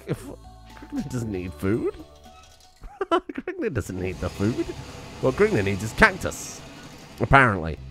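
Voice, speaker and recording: A young man giving casual, sweary, sarcastic commentary while streaming a farming game. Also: fairly low pitch. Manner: sweary, sarcastic, animated outbursts. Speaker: gaming streamer. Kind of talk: casual let's-play commentary.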